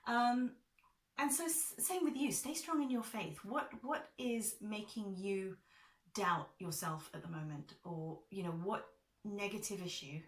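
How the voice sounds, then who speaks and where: A woman's voice: mid-range voice, unhurried. Earnest woman in an echoey room. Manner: earnest, open, confiding. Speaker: angel card reader. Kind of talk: casual heartfelt vlog talk. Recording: echoey room, far from mic.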